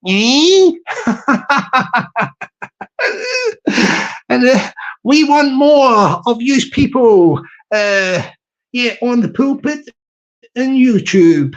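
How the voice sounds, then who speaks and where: A man's voice: very high-pitched, lively intonation, drawn-out words, long pauses, dull audio. A Scottish man live-streaming from his phone, chatting jokily in a put-on American accent and repeating his phrases. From Scotland. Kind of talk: casual live-stream chat.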